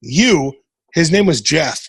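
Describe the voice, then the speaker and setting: A man's voice: on the high side, lively intonation, slow, vocal fry, slightly rough, no room sound. A man around forty from Nebraska, a podcast guest telling stories in a casual, profane way and acting out what people said. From Nebraska, USA. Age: 40s. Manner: profane, retells events by acting out quoted dialogue. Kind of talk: casual storytelling.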